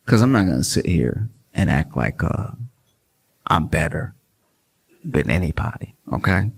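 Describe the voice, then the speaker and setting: A man doing stand-up storytelling, animated and rambling with self-deprecating asides. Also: sits low, creaky, husky. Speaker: stand-up comedian. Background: faint audience laughter.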